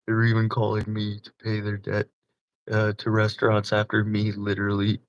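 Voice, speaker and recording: A man's voice: fairly low pitch, monotone, normal speed, highs cut off. A man hosting a livestream, chatting casually and telling rambling, profane stories while laughing often. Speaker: livestream host. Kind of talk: casual storytelling chat.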